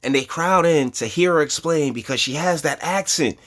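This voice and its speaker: A man hosting a casual reaction commentary, talking in an animated, rambling way with repeated words and laughs. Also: fairly high pitch, normal speed. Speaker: commentary channel host.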